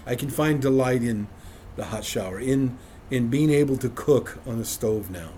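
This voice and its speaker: A man's voice: mid-range voice, moderate pace, mellow, a little hiss or hum. A man leading an informal Bible study for a small group, conversational and self-deprecating, often chuckling.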